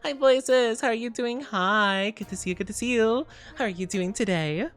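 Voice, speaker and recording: A woman's voice: on the high side, moderate pace, faint music behind. A young woman streamer chatting casually with her viewers, rambling and giggling often.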